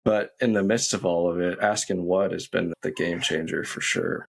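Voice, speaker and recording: A man in his thirties, a podcast guest, telling a personal story in a slow, reflective, candid way. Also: low voice, fairly even intonation, gravelly, breathy edge.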